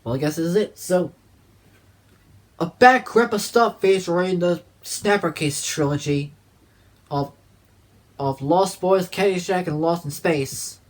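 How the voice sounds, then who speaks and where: A man's voice: high voice, measured pace, pauses often. A man talking casually to camera about his disc collection in a rambling, profane way. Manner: profane, rambling, restarts often. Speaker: DVD collector vlogger.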